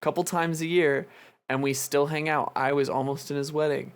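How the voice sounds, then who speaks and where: A man's voice: on the high side, fairly even intonation, normal speed, clear, resonant tone. A man in his twenties, a podcast co-host, chatting casually in a loose, rambling way with frequent swearing. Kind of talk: casual chat.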